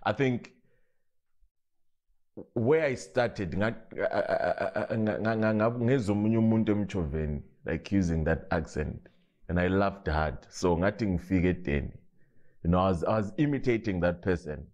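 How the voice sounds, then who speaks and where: A man with a Zimbabwean Ndebele accent, a comedian telling stories in a relaxed interview. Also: low voice, moderate pace. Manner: relaxed storytelling with frequent restarts and laughs. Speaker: comedian guest. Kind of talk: casual interview, mixing English and Ndebele.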